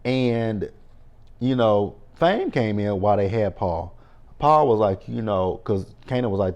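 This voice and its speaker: A man with a lowish voice recaps a TV episode in a loose, casual way. He talks animatedly, curses freely and keeps breaking into mocking asides. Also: lo-fi sound. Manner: animated, profane, quick to mock in exaggerated reactions. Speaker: TV recap host.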